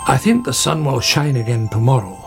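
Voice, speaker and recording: A man voicing a sensible, grumbling male badger in a storybook, gruff and muttering. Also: medium pitch, animated, fairly quick, music in the background.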